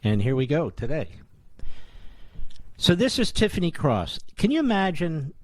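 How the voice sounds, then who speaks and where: A man's voice: on the high side, huge pitch swings, measured pace, no echo. A man in his sixties hosting a radio talk show, giving combative, sarcastic political commentary full of rhetorical questions. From United States. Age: 60s.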